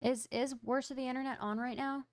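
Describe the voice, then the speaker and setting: High-voiced and steady in tone, a woman talks fairly quickly while hosting a livestream. She chats casually and playfully with her viewers, making fun of herself and speaking straight to chat, in clean studio sound with no echo.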